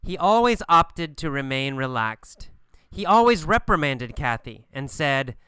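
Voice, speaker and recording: A man teaching an English lesson, speaking slowly and emphatically and repeating phrases for learners to copy. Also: on the high side, big pitch swings, sharp tone, clear, resonant tone, no echo, clean studio sound. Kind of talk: scripted language lesson.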